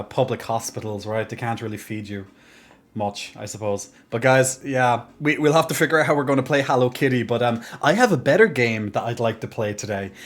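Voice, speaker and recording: Rambling, chatty young male streamer. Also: medium pitch. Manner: rambling, chatty, restarts sentences often. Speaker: game streamer. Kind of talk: casual live-stream chat.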